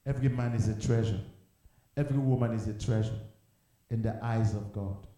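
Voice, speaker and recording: A man's voice: lowish voice, steady tone, fairly quick, warm tone. A male pastor preaching fervently in an empty church, repeating phrases and asking rhetorical questions. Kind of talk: sermon. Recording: very echoey church room.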